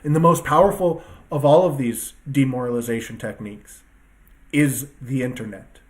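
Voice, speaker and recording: Seated at a computer with two screens, a man talks to his viewers at a normal speed in a mid-range voice. The casual solo rant, delivered as an online commentator, is emphatic, profane and rambling.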